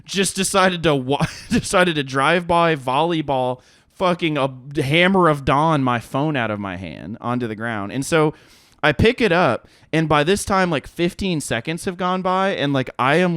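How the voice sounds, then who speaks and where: Podcast co-host, man in his 30s: lively, profane storyteller, slightly high voice, dry close sound. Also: measured pace, clean tone, no echo. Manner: animated, profane, laughs often, acts out quotes. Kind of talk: casual chat, storytelling.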